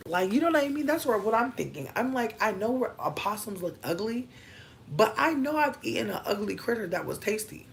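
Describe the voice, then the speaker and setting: Animated, profane woman riffing casually. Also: fairly quick, vocal fry, a little hiss or hum. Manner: loose, profane, riffing with big swings in pitch. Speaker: podcast host. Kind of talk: casual comedic chat.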